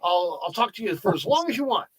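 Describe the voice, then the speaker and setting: A man doing a squeaky high-pitched ballplayer. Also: very animated, fast, a bit bright, breathy edge, full character voice. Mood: obliging.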